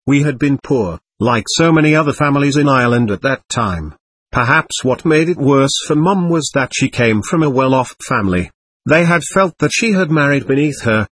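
Man, husky voice, mid pitch, steady memoir narration, dry studio. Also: no echo. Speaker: audiobook narrator. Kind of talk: first-person memoir narration.

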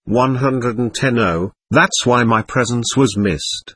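A man reading a first-person memoir aloud in a plain, measured storytelling manner. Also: medium pitch, fairly bright tone, husky, no echo.

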